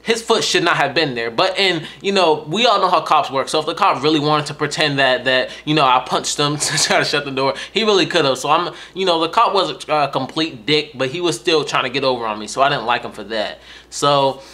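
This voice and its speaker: A young man with a fairly high, bright and slightly sharp voice recounts a run-in straight to his viewers. He talks loosely and profanely, stumbling over and repeating words as he goes. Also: brisk. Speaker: vlogger. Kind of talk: casual storytelling to viewers.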